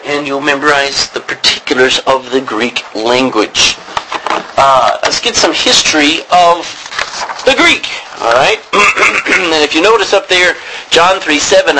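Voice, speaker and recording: A man's voice: fairly high pitch, sharp tone, slight background noise, rough recording. A man teaching a class on biblical Greek, rambling with many ums and restarts. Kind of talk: classroom lecture.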